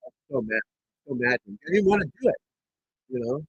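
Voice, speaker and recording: Golf pro guy on a stream, loud and cussing, super lively voice, dry close mic. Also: medium pitch, moderate pace, breathy edge, no echo, lo-fi sound. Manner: loud, swearing, rambling and frustrated. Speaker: golf pro livestream host. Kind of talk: casual livestream chat. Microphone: desk mic at computer.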